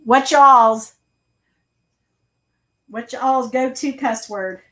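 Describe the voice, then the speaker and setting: A woman's voice: sits high, drawn-out words, a crowd in the background, rough recording. A woman hosting a casual craft livestream, chatting and telling family stories with easy laughs. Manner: chatty, storytelling, laughs easily. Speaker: craft channel host.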